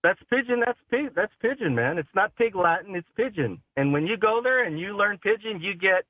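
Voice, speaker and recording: A man's voice: high voice, expressive, fairly quick, no echo. A male caller on a talk radio show, lecturing emphatically in a preachy way over a phone line.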